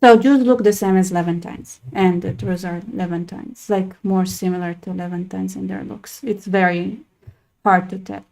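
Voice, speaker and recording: A woman's voice: medium pitch, fairly even intonation, moderate pace, creaky, darkish tone. A young woman hosting a casual chat, talking loosely with lots of fillers and restarts. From Israel. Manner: chatty, with many "like" fillers and restarts. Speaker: host.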